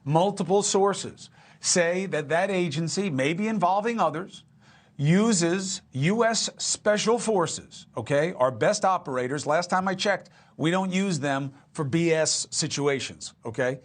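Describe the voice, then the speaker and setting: A man's voice: fairly high pitch, measured pace. A man hosting a cable news interview, asking punchy, emphatic questions. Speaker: TV news host.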